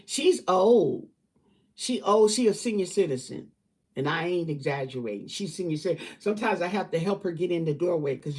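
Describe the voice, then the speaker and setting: Animated husky-voiced woman. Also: deep voice. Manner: emphatic, preachy, repeats herself, laughs a lot. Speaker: livestream host. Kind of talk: casual chat to online viewers.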